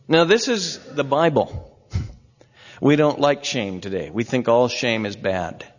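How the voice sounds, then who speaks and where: Male pastor preaching, earnest, climbs loud then goes quiet, muffled echoey church sound. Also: measured pace. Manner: earnest preaching, rising to emphatic peaks then dropping low and soft. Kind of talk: sermon. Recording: muffled long-reverb hall sound.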